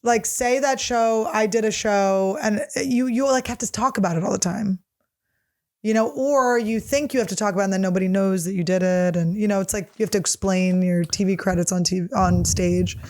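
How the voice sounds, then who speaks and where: With a brisk, steady, a little mellow voice in the mid range, a thirty-something female podcast host rambles through a funny story. She swears freely and leans on plenty of fillers in this casual comedic storytelling.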